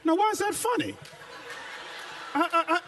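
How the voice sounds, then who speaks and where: A male pastor preaching a sermon, animated and full of repeated phrases, telling folksy, humorous stories to his congregation. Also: extremely high pitch, normal speed, a faint crowd. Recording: voice picked up from a distance.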